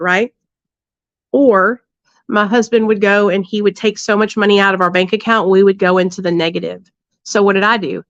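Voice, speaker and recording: A woman's voice: medium pitch, no echo. Blunt, profane woman storyteller. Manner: blunt and profane, lots of tag questions. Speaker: livestream host. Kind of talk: candid storytelling to a live audience. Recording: dull lo-fi dry sound.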